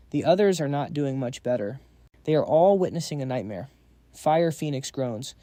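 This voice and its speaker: A man's voice: a little high, moderate pace, warm tone, no echo, clean studio sound. A man narrating a comic recap in a hyped, slangy storytelling manner.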